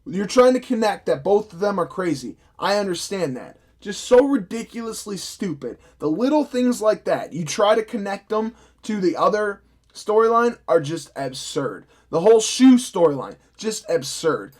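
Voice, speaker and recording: A young man with a high-pitched voice rants through a film review, cursing freely. He sounds sarcastic and exasperated throughout, talking to the camera like a fed-up vlogger. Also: very animated, moderate pace. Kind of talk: ranting vlog review.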